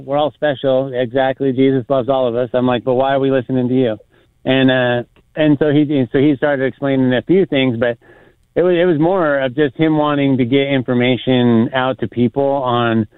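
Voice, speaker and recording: A man's voice: mid-range voice, steady tone, moderate pace, clean tone, dry recording. A man in casual podcast chat, telling a rambling story with lots of fillers and acted-out quotes. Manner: rambling, many restarts and fillers, acts out quotes. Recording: tinny phone-like sound.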